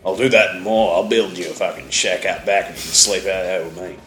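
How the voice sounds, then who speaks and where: A man's voice: sits low, steady tone, fairly quick, fairly bright tone. Young aussie guy swearing and joking around, echoey room, a bit of music under. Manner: crude, joking, swears a lot. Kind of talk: crude comedic banter. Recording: roomy with faint music.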